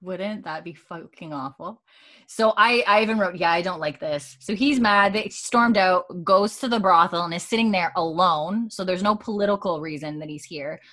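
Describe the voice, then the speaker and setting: A woman's voice: on the low side, moderate pace, pushed and bright. A woman casually recapping a TV episode, acting out the characters' lines, swearing and laughing as she goes. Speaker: podcast co-host recapping a TV episode. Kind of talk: casual chat, animated retelling.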